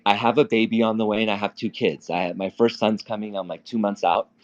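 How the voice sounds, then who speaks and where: A man's voice: on the low side, fairly even intonation, fast. A man hosting a casual live trading talk, blunt and profane, who often repeats and restarts his words. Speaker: stock trading host. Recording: dull lo-fi audio.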